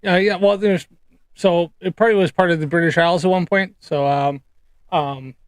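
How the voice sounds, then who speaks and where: A man chatting casually on a live stream, rambling with many ums and pauses while reacting to clips. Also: high-pitched, fairly even intonation, clean tone, no echo. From United Kingdom.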